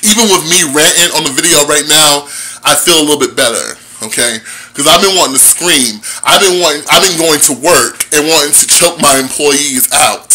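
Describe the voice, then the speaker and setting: A man with a high voice rants at his viewers in a vlog. His tone is piercingly bright and cutting, and he swears heavily the whole way through. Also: normal speed, rough recording. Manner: profane, heated ranting; talks straight to his viewers. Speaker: vlogger. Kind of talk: angry ranting vlog.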